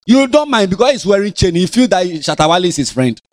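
A man's voice: high-pitched, fast talker, no echo. A man with a Ghanaian accent preaching a sermon as pastor in a church, scolding and teasing his congregation. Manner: animated, scolding, playful.

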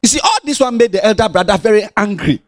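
A man with a Ghanaian accent preaches to children in a high voice that swoops up and down all the time. His delivery is sing-song and playful, teasing the listeners as he goes. The sound is close and dry. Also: expressive, quick pace, no echo. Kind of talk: lively Bible lesson for children.

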